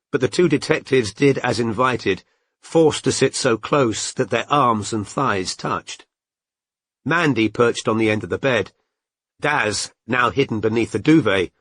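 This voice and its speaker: A man's voice: lowish voice, moderate pace, fairly bright tone, no room sound. A man narrating an audiobook, reading expressively and doing character voices. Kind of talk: scripted narration.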